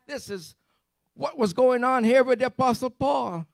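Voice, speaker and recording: A man preaching a fervent sermon to his church, building to loud repeated refrains. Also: very high-pitched, normal speed, vocal fry, no room sound. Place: church service.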